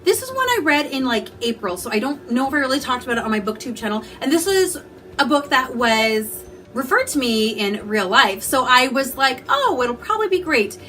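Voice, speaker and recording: A woman giving opinionated, casual book reviews in a vlog, animated and full of asides. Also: high voice, normal speed, faint music behind. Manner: animated, opinionated, with frequent asides and mock quotes.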